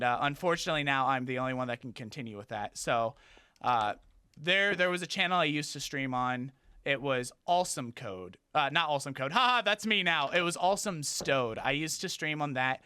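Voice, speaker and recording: A man with a bright, forceful voice chats casually on a gaming livestream, rambling and halting as he restarts his sentences. He breaks into high, startled yelps when something in the game surprises him. The recording is dry and close, with no room sound. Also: smooth, no room sound. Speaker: gaming streamer.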